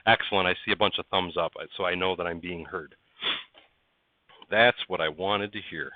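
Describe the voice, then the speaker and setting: A man's voice: low-pitched, steady tone, moderate pace, dry recording. A man hosting a casual livestream from his workshop, chatting with viewers by name while he works. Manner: chatty, greets viewers by name, coaxes parts while working. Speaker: livestream host. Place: workshop barn indoors. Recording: dry, tinny phone-like sound.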